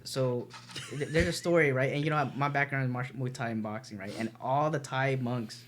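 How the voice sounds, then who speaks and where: A man's voice: medium pitch, fairly even intonation, a little fast. Brief: podcast man, martial arts teacher, earnest rambling storyteller, swears freely. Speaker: podcast co-host. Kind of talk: casual podcast chat.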